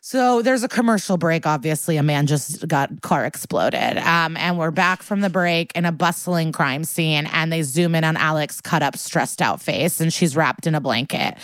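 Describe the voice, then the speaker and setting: Podcast co-host, woman, low pitch, dry close-mic sound, animated casual recapper. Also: dry recording. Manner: animated, acts out quotes with swearing and laughs. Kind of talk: casual chat, episode recap.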